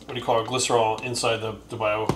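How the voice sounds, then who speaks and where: A young man chatting casually in a vlog, cursing often and getting excitable. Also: on the low side, fast, noisy background. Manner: profane and excitable, talks baby talk to his dog. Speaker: bodybuilding coach and vlogger.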